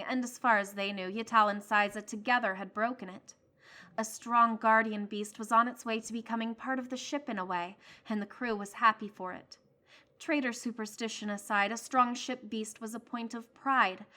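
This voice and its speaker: A woman narrating a science fiction story in a measured, expressive reading voice. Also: medium pitch. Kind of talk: scripted audiobook narration.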